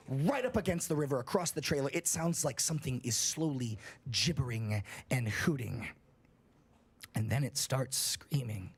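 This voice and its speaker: A young man reading a scary story aloud on a livestream, in a profane, animated storytelling manner. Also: mid-range voice, moderate pace, husky.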